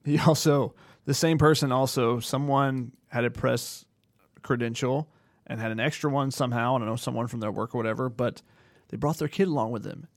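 A man co-hosting a sports podcast, giving relaxed, conversational analysis. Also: medium pitch, a little fast, no room sound, studio quality.

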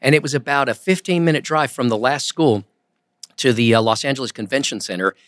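Male guest, lively raconteur who mimics the people he quotes, dry close-mic studio. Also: mid-range voice, brisk, no echo. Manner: animated storyteller, acts out quoted voices. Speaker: guest, ventriloquist and impressionist. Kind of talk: casual interview storytelling. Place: podcast studio.

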